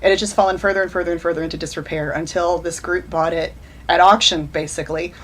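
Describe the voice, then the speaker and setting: A woman's voice: lowish voice, steady tone, fast, a bit bright, slight background noise. A woman in her forties, an author telling rambling anecdotes in a casual chat over a video call. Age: 40s. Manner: rambling anecdotal storyteller, frequent restarts and laughs. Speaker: author guest.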